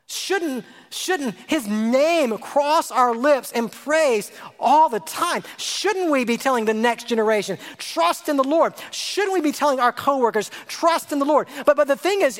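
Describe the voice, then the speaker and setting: A male pastor preaching a sermon, lively and rhetorical, repeating phrases and asking his congregation questions. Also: very high-pitched. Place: church sanctuary. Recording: long hall reverb.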